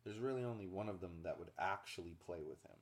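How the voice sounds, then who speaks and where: A man co-hosting a podcast in casual chat, telling animated stories about his pets. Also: low-pitched, fast. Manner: animated storyteller, acts out pets' thoughts in silly voices. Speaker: podcast co-host.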